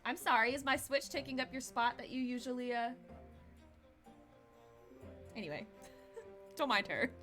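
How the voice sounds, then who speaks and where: A bright-voiced woman streams a story game from her home setup, tossing in quick asides and frequent giggles. Faint music sits softly underneath her chatter. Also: high-pitched. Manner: giggly and chatty, breaking into laughs. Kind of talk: casual let's-play commentary with read-aloud dialogue.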